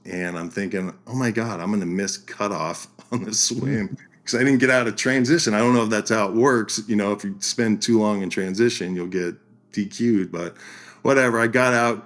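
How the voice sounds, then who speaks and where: A man, a podcast guest, telling a story in a casual way, lively, acting out the voices he quotes and laughing as he goes. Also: on the low side.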